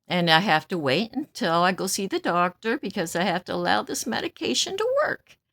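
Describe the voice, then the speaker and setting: A woman's voice: mid-range voice, sing-song, brisk, gravelly, a bit bright, no echo. A woman in her seventies venting in a blunt, stern, outspoken way, breaking into laughs between remarks. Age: 70s. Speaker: vlogger. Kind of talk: casual venting monologue.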